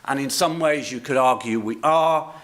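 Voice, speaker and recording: A man gives a conference keynote in a conference hall, with a voice at an ordinary middle pitch. His delivery is measured and anecdotal, and he slips in dry humour along the way. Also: fairly bright tone. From England. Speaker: keynote speaker, transport body chairman.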